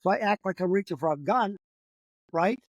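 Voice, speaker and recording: Older comedian guy, highish voice, swears a lot, rambling story, dry close sound. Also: moderate pace, dry recording, poor audio. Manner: profane, rambling, animated storytelling. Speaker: comedian guest. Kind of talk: casual storytelling.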